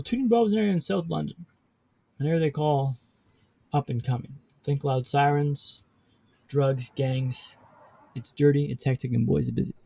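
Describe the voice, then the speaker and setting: A man with a gravelly, deep, dark voice and a husky edge tells a story as a podcast guest. He builds his story through rhythmic repetition and dry humor, in a close, dry recording. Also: no room sound.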